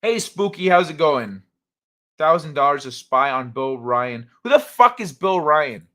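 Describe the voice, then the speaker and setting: A man's voice: a little high, animated, measured pace, bright, forceful tone. A man hosting a casual livestream, reading chat and ranting in a heated, blunt, profane way.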